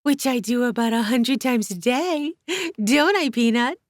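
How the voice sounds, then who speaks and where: A woman's voice: fairly high pitch, expressive, a little slow, dry recording, studio quality, voice pushed up. A woman reading an audiobook, voicing a chatty, cheerful young innkeeper and mother with a bubbly, welcoming manner. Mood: baby talk.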